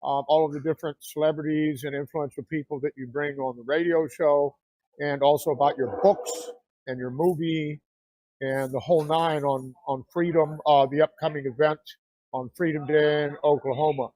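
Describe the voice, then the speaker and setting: A man's voice: fairly high pitch, steady tone, normal speed, mellow, dry recording, low-quality recording. A man hosting a talk show, chatting casually with a guest and rambling through promotions with many fillers. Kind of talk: casual interview chat.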